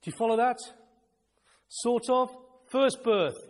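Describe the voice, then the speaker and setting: A male preacher delivering a fervent sermon, repeating phrases for emphasis and sometimes shouting with excitement. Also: very high-pitched, slow, big-room sound.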